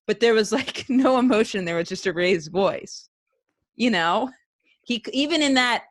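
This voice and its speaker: A woman's voice: mid-range voice, lively intonation, normal speed, no room sound. A woman hosting a podcast interview, chatting casually and supportively with her guest. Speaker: podcast host.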